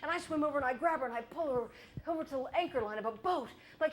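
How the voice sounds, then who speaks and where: A middle-aged woman performing an autobiographical stage monologue, telling her story with wry, irreverent humor and crude asides, and briefly acting out her own past voice. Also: sits high. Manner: acts out her own past voice in quick bursts. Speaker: solo show performer. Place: theater stage.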